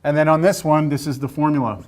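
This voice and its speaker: A man lectures in a classroom with a fairly high voice. He talks his way through the math casually, thinking aloud and slipping in jokes. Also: fast talker. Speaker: calculus teacher.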